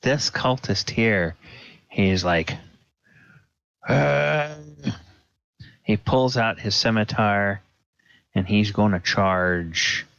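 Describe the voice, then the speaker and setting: Slow, low-voiced game master. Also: male voice, fairly even intonation, fairly bright tone, no room sound. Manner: unhurried, hesitant, many fillers. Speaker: dungeon master. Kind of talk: running a tabletop game. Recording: dull lo-fi audio.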